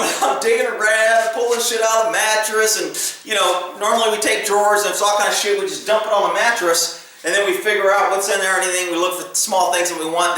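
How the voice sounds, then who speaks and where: Profane ex-cop man in an echoey room. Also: high-pitched. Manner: profane, animated, laughs through tense moments. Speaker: police officer telling work stories. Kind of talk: casual storytelling monologue. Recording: echoey room, far from the mic.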